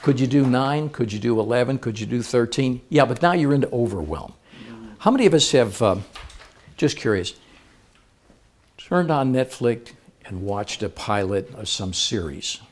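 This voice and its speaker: Animated man giving a seminar talk. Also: medium pitch, moderate pace. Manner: lively, playful, engages audience with questions. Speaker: seminar speaker.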